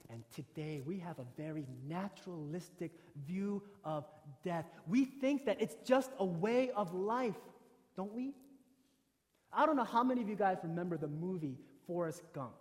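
Male pastor, high voice, preaching; punchy emphasis and hushed drops, recorded with long church reverb. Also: animated, moderate pace. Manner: swings from emphatic to near-whispered. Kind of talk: sermon.

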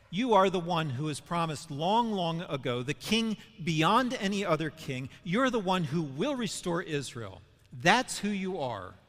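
A man's voice: a little high, a bit bright. A man voicing an impassioned male disciple who protests insistently, with rising emphasis, in a reverberant hall.

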